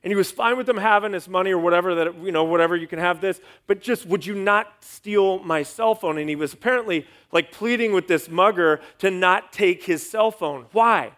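A man's voice: high-pitched, fairly quick, hardly any pauses, a bit bright. A man, a pastor, giving an emphatic sermon with a sarcastic edge.

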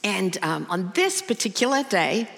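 A middle-aged woman pastor giving a sermon, telling a personal story in a conversational, animated way. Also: medium pitch, normal speed, vocal fry. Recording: long reverb of a large hall.

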